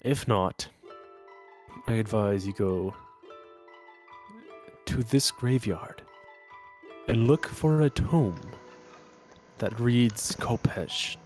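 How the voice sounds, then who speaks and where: A man as game master voicing a formal male former council member who advises the heroes in a measured, solemn way. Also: lowish voice, a little mellow, faint music behind. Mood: advising.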